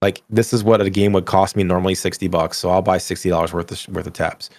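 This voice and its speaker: Gravelly, low-voiced middle-aged man ranting. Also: fast, dry recording. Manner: animated, ranting, swears casually. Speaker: podcast co-host. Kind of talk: casual gaming podcast chat.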